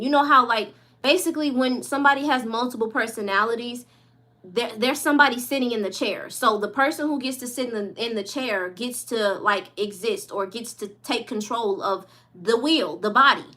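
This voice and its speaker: A woman's voice: a little high, a little slow, bright, forceful tone. A woman vlogger in casual chat, rambling and emotional, with many restarts. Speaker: vlogger and singer.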